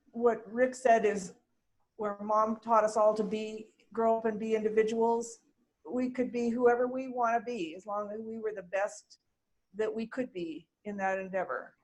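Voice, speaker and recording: A woman giving an unprepared eulogy for her mother over a video call, emotional and holding back tears, soft and hesitant with trailing pauses. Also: mid-range voice, poor audio. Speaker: daughter speaking at mother's online funeral.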